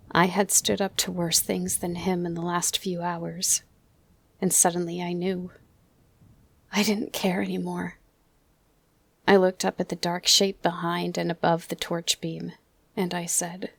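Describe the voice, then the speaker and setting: A woman narrating an audiobook softly, often dropping into a whisper. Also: lowish voice, vocal fry, dry recording. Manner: soft, often drops to a whisper. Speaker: audiobook reader.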